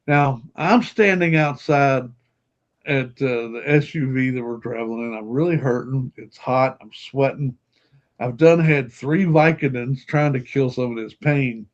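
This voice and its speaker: Older man, a guest telling an animated story, mid-range voice, slightly dull recording. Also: medium pitch, a little slow. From Kentucky, USA. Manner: animated storyteller, laughs often, acts out quotes. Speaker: podcast guest, paranormal investigator. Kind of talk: storytelling anecdote in casual chat.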